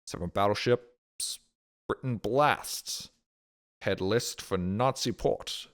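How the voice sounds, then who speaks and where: Man putting on a nasal old-time newsreel announcer, punchy, loud headline delivery. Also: fairly low pitch, takes it slowly. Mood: declaiming. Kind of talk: mock newsreel reading.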